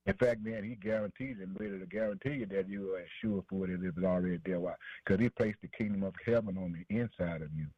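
Here the preacher talks fast with few pauses, his low voice slightly rough. His sermon is rhythmic and repetitive, peppered with "man" and "boy" in a preachy call-and-response manner, and the audio is a dry, echo-free, dull lo-fi radio broadcast.

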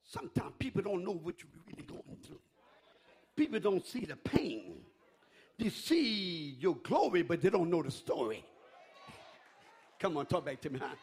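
Man preaching hard in church, real high voice, gravelly and kinda husky, shouts and calls back to the crowd. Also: sing-song, moderate pace, pauses often. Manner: call-and-response, shouting rhythmic preaching. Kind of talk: fiery sermon.

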